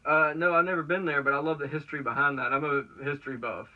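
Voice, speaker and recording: A man with a Southern American accent who hosts the interview in casual chat, eager and quick to laugh. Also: a little high, fairly even intonation. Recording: distant muffled call audio.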